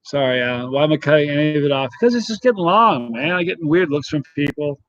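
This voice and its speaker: Middle-aged male streamer, slightly high voice, rambling chat, dry close mic. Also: expressive, fast, dry recording, dull audio. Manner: chatty, rambling, greets viewers by name. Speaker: channel host reading live chat. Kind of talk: casual live-stream chat.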